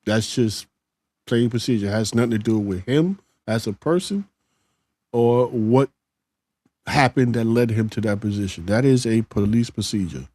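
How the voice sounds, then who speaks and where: Middle-aged man, live-stream host, casual chat, plainspoken, restarts often, dark mellow tone, dry close sound. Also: lowish voice, normal speed, no echo. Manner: plainspoken, conversational, frequent restarts. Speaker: host reading viewer comments.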